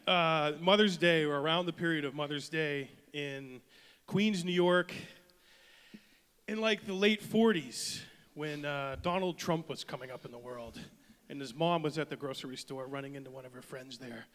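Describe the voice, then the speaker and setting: A male comic riffs through dark jokes in a quick back-and-forth, slipping into put-on voices. His voice sits high, and the sound carries the long tail of a big hall. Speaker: comedian. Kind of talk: stand-up comedy duo banter. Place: stage in a reverberant hall.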